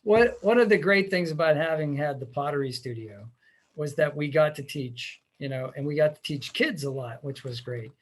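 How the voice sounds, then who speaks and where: A man hosting a podcast, chatting casually and telling animated stories with laughs. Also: on the high side, moderate pace. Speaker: podcast host. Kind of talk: casual conversation.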